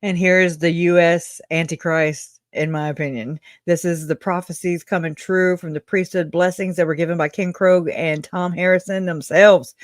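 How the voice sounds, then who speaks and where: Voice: medium pitch, steady tone, moderate pace, few pauses, dry recording, clean studio sound. A commentator reacting to clips in a mocking, blunt way, swearing freely.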